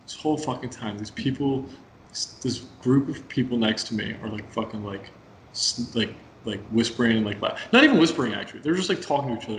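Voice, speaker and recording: A man's voice: mid-range voice, a bit bright, a little hiss or hum. A young man co-hosting a podcast, telling a long rambling story full of swearing and "like". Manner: rambling, profane, fillers like "like". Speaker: podcast co-host. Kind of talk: casual podcast chat, storytelling. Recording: echoey room, faint background ambience.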